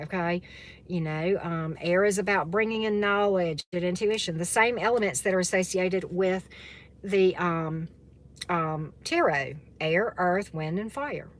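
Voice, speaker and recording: A woman's voice: on the low side, a bit bright. Woman spiritual coach, chatty and casual with her viewers, keeps asking "right?". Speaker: tarot reader and spiritual coach. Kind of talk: casual livestream chat with viewers.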